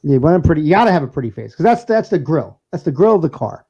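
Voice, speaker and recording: Speaking fast and very animated, this podcast co-host and DJ has a slightly high, warm voice with a breathy edge. He trades casual banter, wandering through stories with frequent laughter and false starts, on a dull lo-fi recording.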